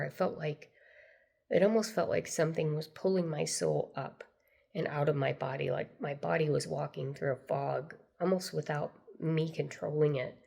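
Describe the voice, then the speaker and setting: Older woman, deep gravelly voice. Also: a little mellow. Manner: earnest, meandering, repeats herself. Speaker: spiritual storyteller. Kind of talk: personal storytelling to camera.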